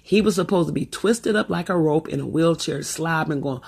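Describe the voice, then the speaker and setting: Husky, gravelly middle-aged woman telling stories. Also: sits low, normal speed. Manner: rambling and profane, with animated asides. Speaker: storyteller. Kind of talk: casual storytelling monologue.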